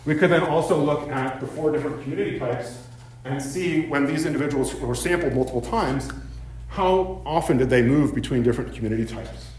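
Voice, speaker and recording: A man's voice: mid-range voice, brisk, a little mellow, slight background noise. Man lecturing in an echoey room. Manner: frequent ums and tag questions of "right?". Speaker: university professor giving a seminar. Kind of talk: academic seminar lecture. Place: university seminar room.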